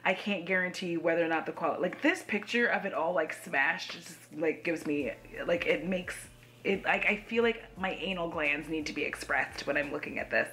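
A woman's voice: on the low side, moderate pace, bright, forceful tone. A young woman giving blunt, sassy makeup commentary from home, swearing casually. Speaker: beauty YouTuber.

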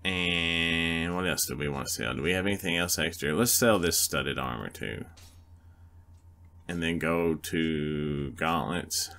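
Laid-back male let's-player, low, bright tone, unhurried. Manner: laid-back, thinking aloud. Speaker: let's play gamer. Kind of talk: casual gameplay commentary.

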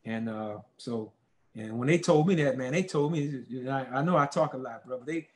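A man, a former football player telling stories in a casual interview, rambling and animated with lots of fillers. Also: medium pitch, a little fast, slight background noise.

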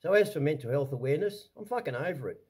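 Ranting angrily to camera, an Australian man swears a lot and keeps restarting his sentences, repeating himself as he vlogs. He talks fast and expressively in a fairly high, slightly mellow voice. The sound is slightly rough.

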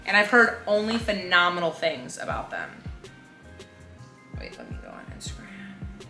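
A young woman's creaky, lowish voice swings hugely in pitch at a moderate pace as she unboxes for a casual lifestyle vlog. She gushes and gasps, a little tired, in a roomy recording with loud music behind her.

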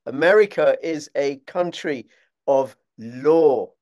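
High-voiced man, dripping sarcasm. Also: takes it slowly, darkish tone, dull audio. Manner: heavy mock-sarcastic praise. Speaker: podcast host. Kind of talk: casual video-call chat.

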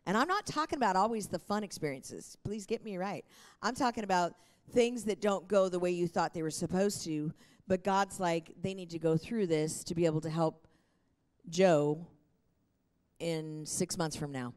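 Earnest female preacher, lower voice. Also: moderate pace. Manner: earnest, encouraging preaching with laughs. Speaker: pastor. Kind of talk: sermon.

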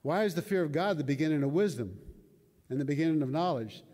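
This older preacher talks fast and animatedly in a fairly high, mellow voice. He keeps his sermon conversational, regularly questioning his listeners, and the recording has long hall reverb.

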